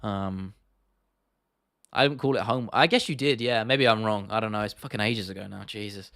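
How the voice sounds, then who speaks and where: A man's voice: fairly low pitch, normal speed, fairly bright tone, no room sound, clean studio sound. A young British man in his twenties hosting a livestream, chatting casually, swearing freely and answering viewer comments in a rambling way. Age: 20s. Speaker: livestream host.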